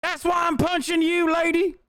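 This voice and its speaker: A man voicing a mocking caricature of a hypocritical, aggressive bigot in a high, sneering parody voice. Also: level tone, moderate pace, gravelly, a bit bright, no room sound, studio quality, heavily acted.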